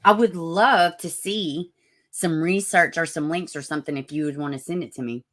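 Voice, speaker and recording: Woman, deep raspy voice, casual live-stream host who greets her chat. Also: moderate pace. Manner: chatty, greets viewers by name, asks for prayers. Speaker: livestream host.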